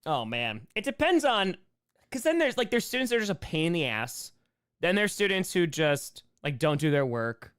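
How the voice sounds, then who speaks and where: A young man with a hoarse voice, reading chat questions on a casual live-stream Q&A, jokey and fond of repeating short phrases. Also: on the high side, very animated, normal speed, a bit bright.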